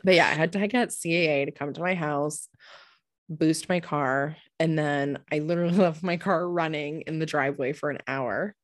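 A woman, co-hosting a podcast in casual chat, blunt and quick to swear and laugh. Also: sits low, no room sound, clean studio sound. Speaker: podcast co-host.

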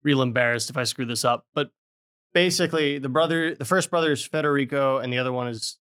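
A man's voice: medium pitch, quick pace, a bit bright. A young man co-hosting a podcast, animatedly retelling a story in casual chat with frequent laughs. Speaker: podcast co-host.

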